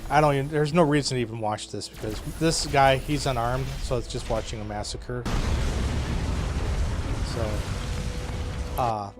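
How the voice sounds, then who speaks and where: A man playing his own strategy game and giving casual commentary as he thinks aloud, wry and chatty with frequent hesitations and short laughs. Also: medium pitch.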